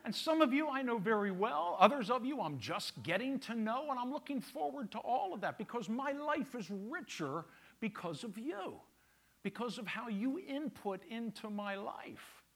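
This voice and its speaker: A man's voice: very high-pitched, lively intonation, normal speed, fairly bright tone. A man preaching a sermon to his congregation in a church, talking in a conversational, teasing way. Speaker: pastor. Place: church sanctuary.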